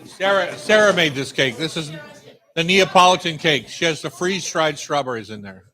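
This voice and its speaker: A man's voice: a little high, lively intonation, moderate pace, bright, forceful tone. A man hosting a live cooking show, upbeat and chatty. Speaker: host. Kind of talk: casual live chat.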